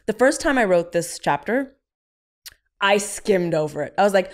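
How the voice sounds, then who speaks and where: A woman speaking candidly and casually as a podcast guest, with lively, playful asides. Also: mid-range voice, fairly quick. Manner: candid, lively, breaks into playful sound effects. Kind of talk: casual interview talk.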